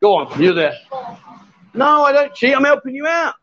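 A cheery man with a fairly high voice hosts a live stream in a bar, coaxing pool players along and calling everyone darling. The sound is muffled, with loud bar noise behind him. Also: big pitch swings, moderate pace. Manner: cheery, coaxing, says "sweetheart" and "darling" a lot. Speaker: host. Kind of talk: casual live stream chat.

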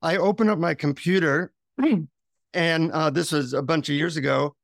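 Male author guest, fairly high voice, lively anecdotal delivery, dry close sound. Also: unhurried, vocal fry, no echo. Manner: lively, self-mocking anecdotes. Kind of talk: interview storytelling.

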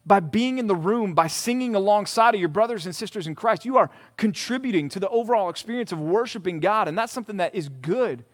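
Male pastor, high-pitched, casual and emphatic preaching style, repeats key words for emphasis. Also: expressive, fairly quick, few pauses. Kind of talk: sermon to a college group. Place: church meeting room.

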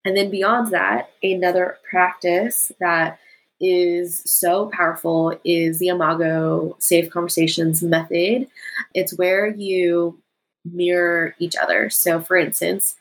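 A woman speaking as a podcast guest, explaining in a relaxed, conversational way with frequent filler words. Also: on the low side, takes it slowly, poor audio.

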